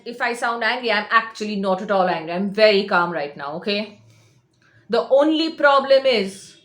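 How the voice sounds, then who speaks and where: Speaking directly to camera, a manifestation coach with a fairly high, fairly bright voice gives a motivational talk. She is insistent and emphatic, repeating the same points over and over, and her room rings with echo.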